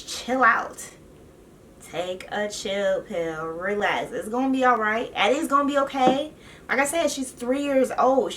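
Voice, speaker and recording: A woman vlogger recapping a TV show in a casual, animated and exasperated way, full of slang. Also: on the high side, far from the mic, a little hiss or hum.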